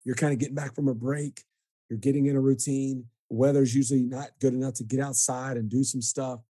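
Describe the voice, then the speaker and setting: Mellow-voiced podcast host, dry sound. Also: male voice, medium pitch, flat delivery, slightly rough, no echo. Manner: easygoing, halting with restarts. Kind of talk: casual podcast interview.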